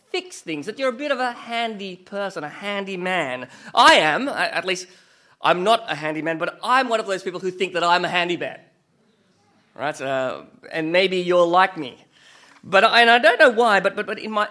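Joking about himself and firing rhetorical questions at the audience, a man delivers a chatty, conversational sermon. His voice sits high, with a bright, forceful tone.

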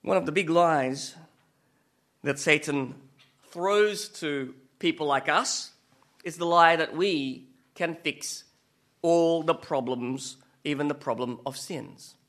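A male preacher with a high voice gives a chatty sermon. His tone is bright and a little tense, and he keeps turning to the listeners with rhetorical questions and self-mocking asides. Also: slow pace. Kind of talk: conversational sermon.

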